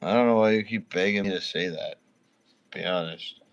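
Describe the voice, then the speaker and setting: A man's voice: sits low, a little fast, muffled recording. A man streaming live, talking to his viewers, first mumbling and reluctant, then swearing and ranting at a viewer.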